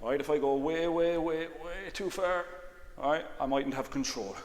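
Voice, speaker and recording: A man's voice: fairly high pitch, moderate pace. Man cueing exercises, reverberant room. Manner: calm, repeats "all right" often, cues breathing and counts reps. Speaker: exercise instructor. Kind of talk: exercise class instruction. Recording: long reverb, faint background noise.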